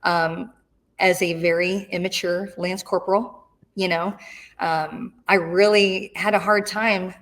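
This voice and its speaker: A middle-aged woman tells a story in an interview. She talks in an animated way and acts out the voices of the people she quotes. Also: lowish voice, slow pace. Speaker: interview guest, retired Marine.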